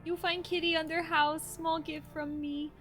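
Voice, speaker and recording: A woman's voice: extremely high pitch, moderate pace, soft background music, voice pushed up. A woman doing a creepy clipped visitor. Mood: menacing. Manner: broken clipped English, short flat phrases.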